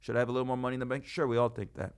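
Man, thirties, podcast host, casual chat, animated, swears freely. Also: mid-range voice, rapid-fire, smooth. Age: 30s. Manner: animated, swings loud and soft, swears freely.

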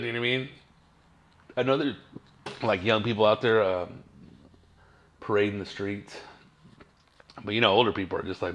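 A young man holds forth on his podcast in a blunt, profane, dismissive rant full of fillers. His voice sits a bit low and has a gravelly fry. He talks loosely and casually. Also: a little slow, long pauses, fairly bright tone. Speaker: podcast host. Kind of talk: casual ranting monologue.

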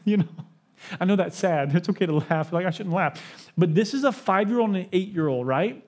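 A man's voice: sits high, animated, brisk. A man in his thirties preaching a sermon in a church, conversational and personal, with joking asides. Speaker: pastor. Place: church sanctuary.

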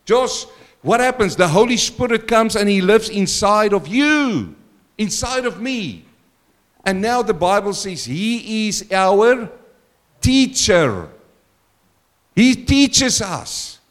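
Male pastor mid-sermon, higher-pitched, lively and questioning, booming then hushed. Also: slow pace. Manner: animated preaching with questions to the congregation; swings between loud exclamations and quiet asides.

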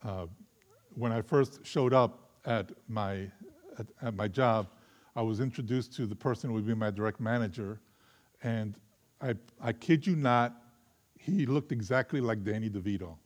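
A man preaching a sermon with earnest conviction, moving between loud emphatic stretches and quiet reflective ones before closing in prayer. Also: fairly low pitch, moderate pace. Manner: closes in prayer. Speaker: pastor.

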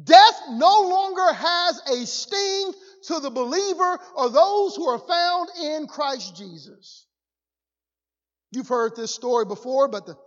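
High-voiced fervent woman preacher. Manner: fervent, repetitive, swinging from quiet to shouting. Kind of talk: sermon. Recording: dull lo-fi with long hall reverb.

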